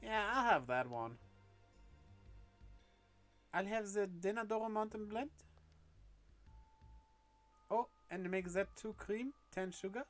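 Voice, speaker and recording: A woman's voice: medium pitch, animated, slow pace, long pauses, soft background music. A woman voicing a bossy, teasing young woman in a game, speaking firmly.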